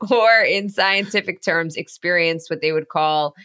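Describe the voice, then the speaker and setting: A woman's voice: medium pitch, moderate pace, few pauses, sharp tone. Tired, playful woman co-hosting a news podcast. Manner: playful and laughing, light delivery. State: tired, on the verge of getting sick. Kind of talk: conversational news chat.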